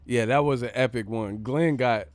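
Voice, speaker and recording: A man with a smooth, clear, mid-range voice hosts a casual live stream from a multi-camera setup, talking at normal speed. The audio is close and dry with no room sound, and he jokes around loosely, swearing and laughing easily.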